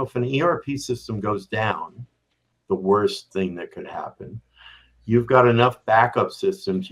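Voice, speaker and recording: On a remote podcast, an older or middle-aged business strategy executive talks conversationally, using examples and frequently adding "right?". His voice is on the low side with a fairly bright tone, on a low-quality recording.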